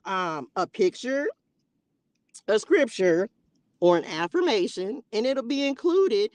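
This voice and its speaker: A woman's voice: fairly high pitch, sing-song, normal speed, a little mellow, dry recording. A woman hosting a spiritual live stream, chatting casually and playfully with her viewers in a loose, slangy way.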